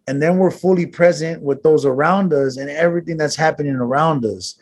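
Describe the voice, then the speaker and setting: A man talking in a relaxed conversation, telling earnest personal stories with street slang and the odd swear word. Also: fairly high pitch, fairly quick. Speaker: guest. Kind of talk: casual conversation.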